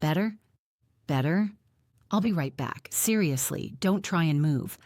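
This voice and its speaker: A woman's voice: sits low, animated, measured pace, a little mellow, no room sound, studio quality, full character voice. A woman voicing a frightened, bossy daughter. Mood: worried. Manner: urgent, worried, bossy. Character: anxious young adult daughter tending her injured mother. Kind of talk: audiobook character voice.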